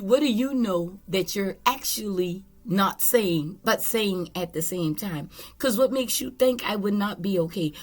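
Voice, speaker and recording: Woman tarot reader, unhurried and blunt, casual spiritual talk with cursing. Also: mid-range voice. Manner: blunt and candid, with swearing.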